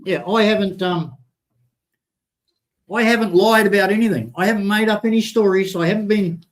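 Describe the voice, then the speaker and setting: A man's voice: high-pitched, moderate pace. A man hosting a livestream, short of breath, talking in a rambling, hesitant way that turns heated and profane. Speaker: livestream host. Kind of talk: casual livestream chat.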